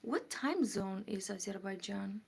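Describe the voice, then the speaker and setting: Here a woman from Moldova runs a relaxed livestream, picking up viewer comments, reading them out and responding. She speaks at a measured pace in a medium-pitched, expressive voice that is gravelly, husky and darkish in tone.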